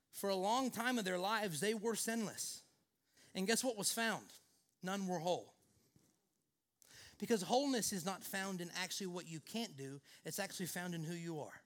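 High-voiced guy preaching a sermon, earnest, keeps saying actually. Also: lively intonation, normal speed, a bit bright. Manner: earnest, leans on the word "actually". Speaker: pastor.

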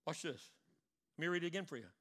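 Middle-aged male preacher, high bright voice, animated, repeats for emphasis. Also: fast. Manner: animated, repeats and stresses words. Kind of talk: sermon.

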